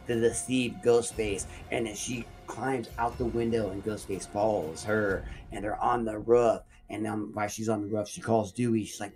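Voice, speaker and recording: Gravelly man retelling a story. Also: fairly low pitch, steady tone, normal speed, darkish tone, faint music behind. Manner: breathless run-on, swears casually. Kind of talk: casual retelling of a horror movie.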